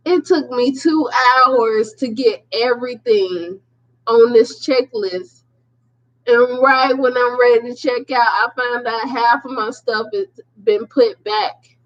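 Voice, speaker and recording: A woman, a podcast host and prophetess, telling a personal testimony in an emphatic, animated way and laughing through it. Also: on the high side, slow. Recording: muffled lo-fi audio.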